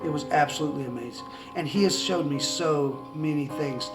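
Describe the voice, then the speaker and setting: A man with a high voice talks to a camera in his country home and tells his faith testimony in a loose, rambling way. He stumbles, repeats himself and chuckles often. Faint music plays behind him. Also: a little fast. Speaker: person giving a religious testimony. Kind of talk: casual storytelling to camera. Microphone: camera in front of a seated speaker.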